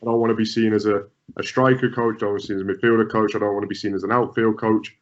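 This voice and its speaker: Rapid-fire and flat, with a lowish voice, a man being interviewed as a goalkeeping coach talks through his ideas in conversational answers. He repeats words and restarts a lot, and the audio is muffled lo-fi.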